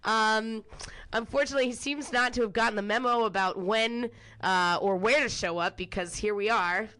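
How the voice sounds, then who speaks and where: A woman's voice: on the high side, steady tone, normal speed, fairly bright tone, clear, resonant tone. A woman co-hosting a podcast in casual chat, sarcastic and profane. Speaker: podcast co-host.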